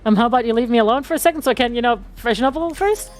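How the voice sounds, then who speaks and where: A woman's voice: fairly high pitch, rapid-fire, lightly acted. A woman voicing a sly, flirtatious male party showman in a dating game.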